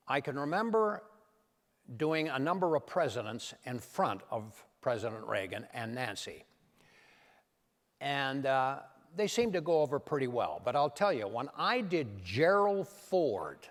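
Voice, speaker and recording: A man's voice: mid-range voice, big-room sound. An older man, a comedian and impressionist, telling stories on stage and acting out the voices in them. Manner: lively, acts out voices in his anecdotes. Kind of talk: storytelling talk on stage.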